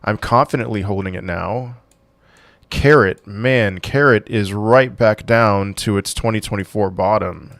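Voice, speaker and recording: Smooth-voiced man hosting a crypto livestream. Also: lowish voice, a little slow, a bit bright, dry recording. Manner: offhand, dry sarcasm. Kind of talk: casual livestream chat, reading viewer questions.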